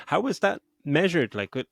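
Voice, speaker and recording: A man's voice: fairly high pitch, big pitch swings, measured pace, creaky, slightly rough, no room sound, studio quality. A middle-aged man hosting a podcast, retelling a film plot in a rambling, sweary, casual way. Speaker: podcast host. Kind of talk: casual film review chat.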